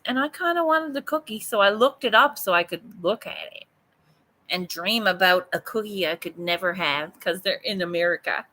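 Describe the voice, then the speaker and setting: With a mid-range voice, lively intonation and a bright, forceful tone, this woman talks at a moderate pace. She's an artist vlogger from Newfoundland, Canada, speaking Newfoundland English in a blunt, casual live chat full of swearing and laughter.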